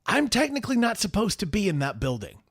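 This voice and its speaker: Sarcastic young man with a lively higher voice. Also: fast, breathy edge. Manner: dry, sarcastic joker. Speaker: podcast co-host. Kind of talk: casual chat.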